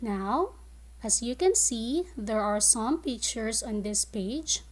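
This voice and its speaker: A woman teaching a phonics lesson to young children, modeling words clearly and slowly and giving praise. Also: fairly high pitch, animated. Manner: slow, clear, drawn-out word modeling with praise. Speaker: kindergarten teacher.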